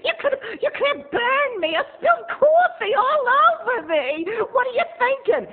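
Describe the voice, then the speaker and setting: A man's voice: very high-pitched, big pitch swings, a little slow, pitched above the performer's own voice, full character voice. A man voicing a snobby young woman who shrieks in indignation over spilled coffee. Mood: shrieking indignant. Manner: shrieking, indignant, later icy sarcastic. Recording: tinny phone-like lo-fi audio.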